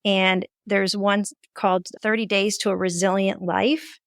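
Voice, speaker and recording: A woman hosting a podcast, chatting quickly and warmly with her guest. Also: medium pitch, little pitch movement, no room sound, clean studio sound. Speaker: podcast host. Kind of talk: casual interview chat.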